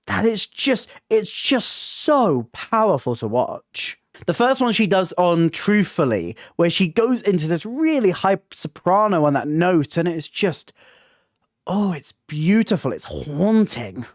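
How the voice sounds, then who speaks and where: A woman hosting a casual review vlog as a theatre reviewer, gushing and excitable, often tripping over her words. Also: lowish voice, no echo, studio quality. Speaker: theatre reviewer and channel host.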